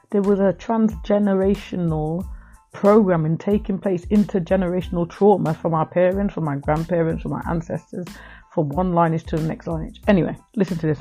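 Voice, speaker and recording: A woman's voice: lowish voice, mellow. A middle-aged woman hosting a personal podcast, talking earnestly about her own life to her listeners. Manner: earnest, heartfelt storytelling to listeners. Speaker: podcast host. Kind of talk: personal reflective podcast talk.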